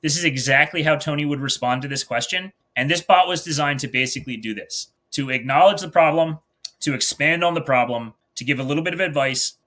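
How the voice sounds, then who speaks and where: A man from New Jersey presents a software demo to gym owners while sharing his screen. He talks in a blunt, salesy way and swears casually. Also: medium pitch. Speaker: fitness business presenter. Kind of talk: screen-share product demo narration.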